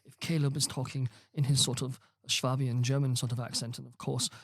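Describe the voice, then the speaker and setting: A man's voice: medium pitch, flat delivery, a little fast, dry recording, clean studio sound. A man chatting casually as a podcast co-host, enthusiastic and swearing freely. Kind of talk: casual chat.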